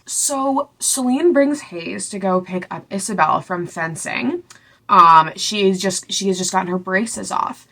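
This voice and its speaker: A young woman casually recapping a book, sarcastic and chatty, acting out the characters' lines in quick little voices. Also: mid-range voice, sharp tone. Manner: sarcastic, chatty, full of "like" and asides. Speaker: book reviewer.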